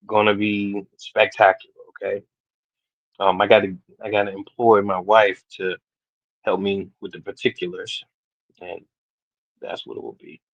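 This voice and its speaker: A man's voice: medium pitch, no room sound. A middle-aged man casually chatting on a live stream, greeting viewers by name and laughing often, recorded in his home garage. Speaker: livestream host. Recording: dull lo-fi stream audio.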